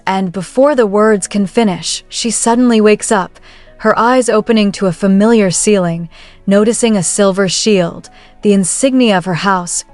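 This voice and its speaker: A woman's voice: medium pitch, no echo. Woman narrating a story recap. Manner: reads every character's lines in her own voice. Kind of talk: scripted story narration with quoted dialogue.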